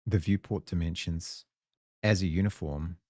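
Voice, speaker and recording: Man, New Zealand accent, deep, mellow, dry close sound, thinking aloud while coding. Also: normal speed, no room sound. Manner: muses aloud, trails off, chats with viewers. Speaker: live-coding streamer.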